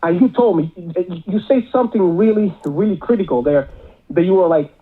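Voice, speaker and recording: A man's voice: high-pitched, expressive, fairly quick. A male caller, rambling with many filler words, heard over a phone line. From Miami area.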